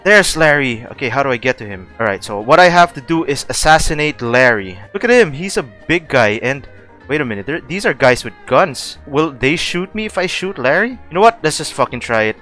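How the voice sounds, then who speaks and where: A young man giving excitable let's play commentary who laughs often and swears. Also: on the high side, fairly quick, soft background music. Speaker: gaming streamer.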